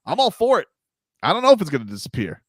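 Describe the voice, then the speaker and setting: A man hosting a sports talk radio show, emphatic and animated, swinging between loud and quiet. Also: fairly high pitch, fast, no room sound, clean studio sound.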